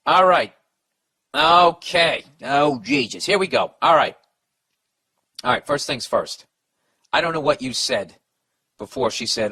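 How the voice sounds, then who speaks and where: A man's voice: on the high side, animated, unhurried, pauses often, bright, forceful tone, breathy edge. A man hosting a comedy podcast, reading a letter and giving advice in a profane, rambling, heated way.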